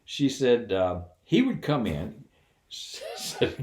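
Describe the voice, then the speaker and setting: A man's voice: mid-range voice, huge pitch swings, drawn-out words, darkish tone, roomy sound. An older man casually telling a funny personal story, acting out the other people's voices and laughing along as he goes. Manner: folksy, laughs while telling.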